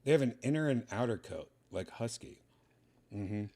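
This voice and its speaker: A man's voice: medium pitch, expressive, normal speed, dark tone. A man hosting a casual home vlog, rambling in a laid-back way while showing his cats in a room at home. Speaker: host showing his pets.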